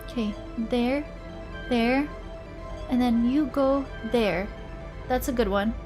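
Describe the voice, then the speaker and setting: A woman's voice: a little high, slow pace. A woman streaming a video game live, anxious and swearing as she talks to herself and thanks viewers. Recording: faint music behind.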